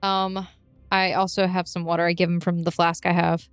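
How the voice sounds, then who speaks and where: A woman playing a tabletop game in casual chat who makes quick, eager suggestions with stammering restarts. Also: lowish voice, level tone, clean tone, no echo. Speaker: player.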